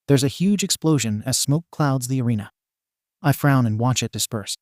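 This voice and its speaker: A man narrating a first-person story aloud in a steady storybook voice. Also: mid-range voice, moderate pace, no echo, clean studio sound. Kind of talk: reading fan fiction aloud.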